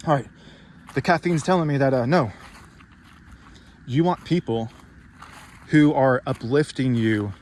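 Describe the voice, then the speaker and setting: A man's voice: mid-range voice, a little hiss or hum. A man giving a profane, sarcastic motivational rant, worked up and swearing freely. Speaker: vlogger.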